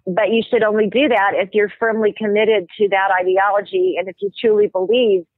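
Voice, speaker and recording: A woman, a medical anthropologist guest, explaining ideas and telling stories in a measured way with thoughtful pauses. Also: mid-range voice, little pitch movement, no room sound. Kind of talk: explanatory interview talk. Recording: tinny phone-line audio.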